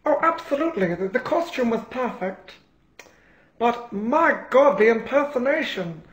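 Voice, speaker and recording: A man's voice: very high-pitched, lively intonation, a little slow, fairly bright tone, echoey room, highs cut off, exaggerated voice. A man impersonating an upset, dramatic father who keeps repeating that he is very upset. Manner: whiny, dramatic, repeating himself.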